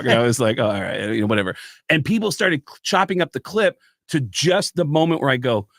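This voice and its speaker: A comedian tells his stories in a loose, animated way and slips into the voices of the people he quotes. His voice sits at an ordinary male pitch. The sound is close and dry, with no room around it. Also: quick pace, no echo. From United States. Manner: animated storyteller who acts out quotes. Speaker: guest, stand-up comedian and impressionist. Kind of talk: casual storytelling chat.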